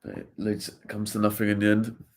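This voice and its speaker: A fairly low-pitched man gives live play-by-play during a watchalong. His delivery is relaxed and chatty, with fillers between the names. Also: a little fast, creaky. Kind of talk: live match commentary and casual chat.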